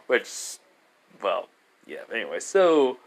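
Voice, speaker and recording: A man's voice: mid-range voice, very animated, takes it slowly, gravelly. A man casually retelling a fan story, rambling with many fillers and frequent laughs.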